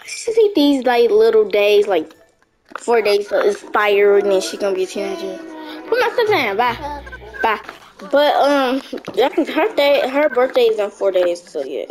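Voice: mid-range voice, expressive, a little slow, darkish tone, faint music behind. A gaming host giving casual let's-play commentary, chatting to the game characters and to viewers. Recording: noisy recording with mouse clicks.

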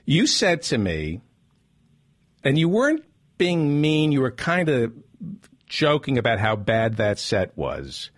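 Husky man prompting his guest. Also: medium pitch, wildly swooping pitch, slow pace, long pauses, no room sound, clean studio sound. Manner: prompting the guest with short questions. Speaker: podcast host. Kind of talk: casual comedy podcast chat.

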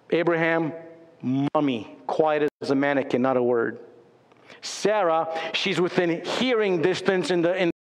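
A man preaching a sermon as pastor, acting out the voices of biblical figures in lively bursts. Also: sits high, moderate pace. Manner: acts out voices of biblical figures with animated shifts. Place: church sanctuary. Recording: church hall reverb.

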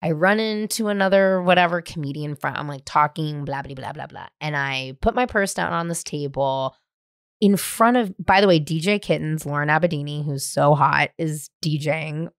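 A woman's voice: deep voice, moderate pace, no echo, studio quality. Middle-aged woman telling a swearing story. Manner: animated, profane, acts out quoted lines. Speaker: podcast host. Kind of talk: casual storytelling chat.

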